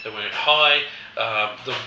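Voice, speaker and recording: A man leading a casual wine tasting chat, animated and acting out quotes in a lively voice. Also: mid-range voice, a little slow, highs cut off, background noise. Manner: animated, acts out quotes with rising voice. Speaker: wine educator host. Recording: roomy, distant mic, faint background.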